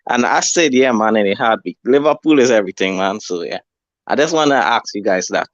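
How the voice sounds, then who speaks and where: A man's voice: on the low side, a little fast, no room sound. Man calling in over a dull, dry line. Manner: relaxed, friendly, slangy. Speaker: caller. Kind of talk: casual call-in chat.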